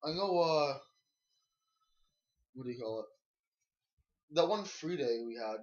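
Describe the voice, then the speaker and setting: A young man with a slightly raised pitch chats casually with friends, rambling and hesitant, full of fillers. The recording is muffled and lo-fi. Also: expressive, slow. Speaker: host. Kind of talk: casual chat.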